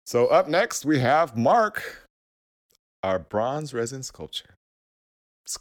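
Lively, giggly man co-hosting a podcast. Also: mid-range voice, slow pace, long pauses. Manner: lively, giggles mid-sentence. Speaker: podcast co-host. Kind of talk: casual chat.

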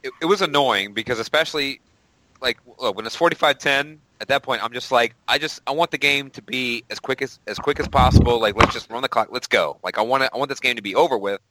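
A man's voice: medium pitch, quick pace, sharp tone, a little hiss or hum, poor audio. A man co-hosting a casual sports podcast, venting with casual swearing. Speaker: podcast co-host.

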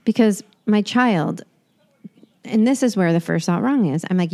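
A woman's voice: medium pitch, normal speed, dark tone. A woman in her forties co-hosting a casual chat show, telling rambling stories full of restarts. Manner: rambling storyteller with frequent restarts. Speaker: podcast co-host.

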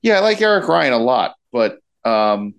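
Animated, rambling man co-host. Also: medium pitch, vocal fry. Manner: rambling, halting, laughs easily. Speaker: podcast co-host. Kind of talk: casual chat.

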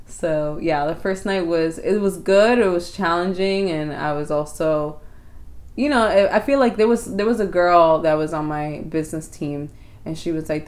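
A young woman co-hosting a podcast, telling a personal story in casual chat and acting out her own quoted thoughts. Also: low voice. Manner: animated, acts out quoted thoughts. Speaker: podcast co-host.

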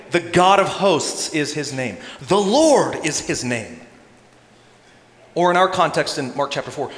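Male pastor, lively high voice, animated sermon in a roomy church hall. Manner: animated, acts out quoted voices with humor.

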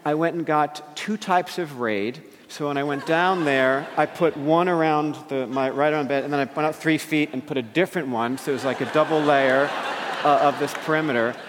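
A man in his thirties, a pastor from New Jersey telling a personal story in an animated way and acting out the quotes. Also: a little high, moderate pace, noisy background. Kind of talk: storytelling sermon. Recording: long hall reverb.

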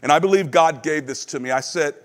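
A male pastor delivers a sermon with a slightly raised pitch. He tells stories and keeps putting questions to his listeners. He drops low and quiet, then climbs high and emphatic. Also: a little fast, big-room sound. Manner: storytelling preacher, asks the crowd questions.

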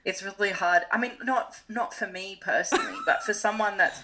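Bright-voiced young woman. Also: medium pitch, normal speed, poor audio. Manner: relaxed, thinks aloud with many "like"s. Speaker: podcast co-host. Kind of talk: casual chat about reality TV.

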